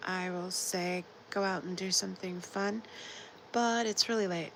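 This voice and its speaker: A tired woman with a sore, scratchy throat chatting casually on a late-night livestream, drifting into soft whispers. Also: mid-range voice, fairly even intonation, measured pace. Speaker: livestream host.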